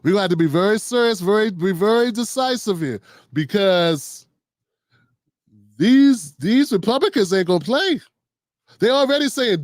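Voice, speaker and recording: Middle-aged guy ranting casually on a livestream, pretty high voice, dry close sound, slangy and animated. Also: normal speed, long pauses, dry recording. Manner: loose, animated, riffing with slang and quoted voices. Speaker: host. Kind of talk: casual political commentary livestream.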